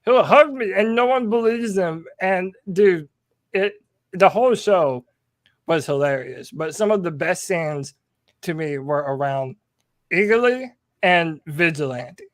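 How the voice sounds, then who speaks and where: A man co-hosting a podcast in casual chat, excitable and peppering his talk with "dude.". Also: a little high, takes it slowly, dry recording, studio quality. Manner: excitable, says "dude" often. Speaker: podcast co-host.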